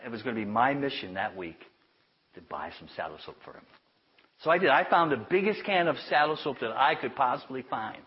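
A man preaching to a congregation, telling a personal story in a chatty, self-amused way and dropping to a hush for the tender lines. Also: medium pitch, sing-song, brisk. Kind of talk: sermon storytelling. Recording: dull lo-fi sound.

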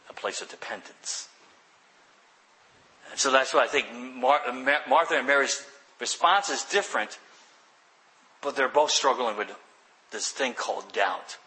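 A man preaching a sermon, explaining scripture earnestly, often restarting phrases and sinking to quiet emphasis. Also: medium pitch, poor audio. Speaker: pastor.

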